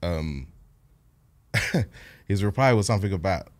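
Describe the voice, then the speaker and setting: A man, a guest in a casual podcast chat, talking in a relaxed, thoughtful way with many fillers. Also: deep voice, unhurried.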